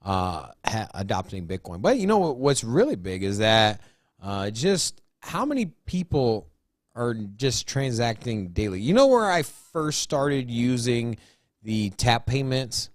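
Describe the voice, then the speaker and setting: A man's voice: mid-range voice, big pitch swings, unhurried, no room sound, studio quality. A man co-hosting a casual crypto show, rambling through his points with many restarts and "you know"s. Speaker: co-host. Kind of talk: casual chat.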